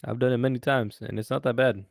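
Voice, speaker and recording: A man's voice: mid-range voice, fairly even intonation, fast, creaky, no room sound, clean studio sound. A tired young man co-hosting a podcast in laid-back, teasing casual chat. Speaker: podcast co-host.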